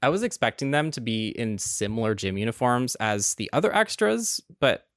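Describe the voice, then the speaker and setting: A man recapping a cartoon movie in a sarcastic, deadpan commentary style. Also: medium pitch, normal speed. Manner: dry, snarky, deadpan asides. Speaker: YouTube commentator.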